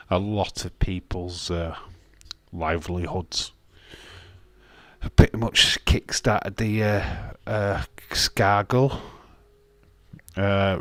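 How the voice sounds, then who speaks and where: A man with a low voice, captured in a dry recording, hosts a live stream in a Yorkshire accent. He's from Castleford, Yorkshire, England, and chats casually and bluntly, swearing freely and restarting his sentences. It's a casual watch-along where he reads viewer comments.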